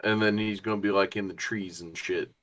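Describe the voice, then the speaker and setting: A man's voice: on the low side, fairly even intonation, a little fast, fairly bright tone. A man playing a tabletop role-playing game in casual, easygoing talk. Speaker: player.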